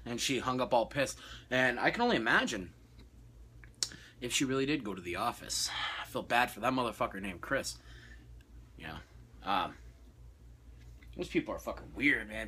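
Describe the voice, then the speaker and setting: A man's voice: mid-range voice, big pitch swings, moderate pace, pauses often, sharp tone, slight background noise. A young man ranting casually and profanely about his day, exasperated and blunt. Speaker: vlogger. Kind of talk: casual rant.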